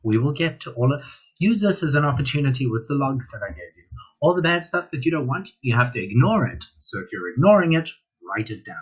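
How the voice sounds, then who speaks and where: A man's voice: mid-range voice, sing-song, fairly quick, slightly rough, lo-fi sound. A man giving a casual online dog training workshop, chatty and talking straight to the viewer, with an offhand swear now and then.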